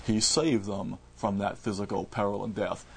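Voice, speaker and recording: A man's voice: on the low side, little pitch movement, moderate pace, vocal fry, slight background noise. A man preaching a verse-by-verse Bible sermon in an emphatic way, repeating words and restarting phrases as he explains.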